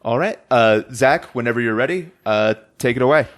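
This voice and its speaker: A man hosting a podcast who laughs a lot and hesitates with frequent ums while he runs the episode. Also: mid-range voice. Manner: laughs often, slow, hesitant delivery with many ums. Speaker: podcast host. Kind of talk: casual podcast chat.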